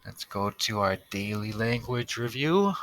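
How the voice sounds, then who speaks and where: Slow, patient man teaching kids. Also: lowish voice, expressive, a bit bright, slight background noise. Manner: patient, slow, sounds words out. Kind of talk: online tutorial for young students.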